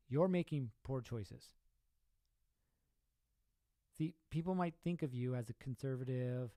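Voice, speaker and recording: A man's voice: mid-range voice, warm tone, no room sound. Emphatic man giving a motivational talk. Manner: emphatic, asks rhetorical questions and repeats points. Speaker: podcast host.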